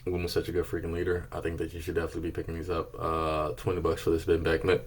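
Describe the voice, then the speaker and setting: Man, very low voice, husky, relaxed, playful, casual vlog talk. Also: racing. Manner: laid-back, playful, breaks into silly singsong. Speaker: channel host reviewing card prices. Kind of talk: casual market rundown.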